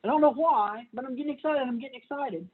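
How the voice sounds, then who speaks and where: A man lecturing, voicing an eye's cone cell that is bursting with excitement in a high, gushing voice. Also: quick pace, narrow, tinny audio, slight background noise. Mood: thrilled. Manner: high, gushing, repeating himself. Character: overexcited eye cone cell, jittery.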